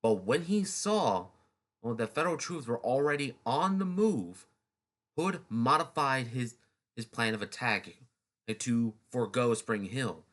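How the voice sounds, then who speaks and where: A man's voice: mid-range voice, lively intonation, unhurried, a bit bright. A man narrating a history video in a loose, chatty way, with restarts and snarky asides. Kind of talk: casual unscripted history talk.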